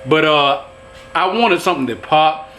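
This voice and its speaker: Man, vlog host in a garage, easygoing and rambling, slightly high voice, music playing underneath. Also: lively intonation, normal speed, a bit bright. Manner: laid-back, rambling, keeps addressing viewers with "y'all" and "man". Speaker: YouTube channel host fixing up his pickup. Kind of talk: casual chatty vlog. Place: home garage. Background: background music.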